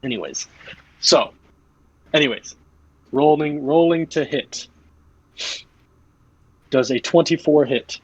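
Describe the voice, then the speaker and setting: A man's voice: fairly high pitch, slow, long pauses, husky, no room sound, dull audio. A young man acting as game master, narrating casually and rambling with many fillers and restarts.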